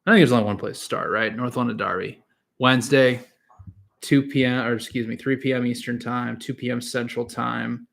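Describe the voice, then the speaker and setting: A man's voice: medium pitch, fairly even intonation, a little fast, vocal fry, a bit bright. Casual rambling man. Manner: rambling, frequent fillers and restarts. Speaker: podcast host and soccer analyst. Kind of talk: casual solo podcast talk.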